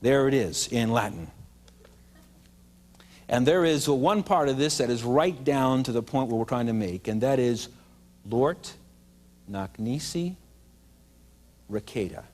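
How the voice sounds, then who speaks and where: A man's voice: mid-range voice, normal speed, darkish tone. A man training teachers in a live seminar, playful and drawing the adult audience into call-and-response. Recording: long hall reverb.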